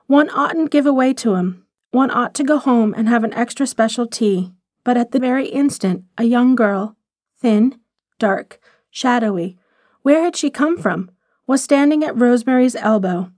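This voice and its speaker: Woman storyteller reading literary fiction; measured and expressive, fairly high voice, dry close sound. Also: dry recording. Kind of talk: scripted narration of a short story.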